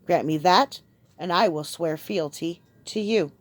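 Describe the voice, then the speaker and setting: A woman's voice: fairly low pitch, measured pace, dry recording, natural voice. A woman voicing an earnest young king rallying a crowd. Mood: rousing. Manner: rousing, speech-making delivery. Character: young male king rallying his people, earnest and resolute.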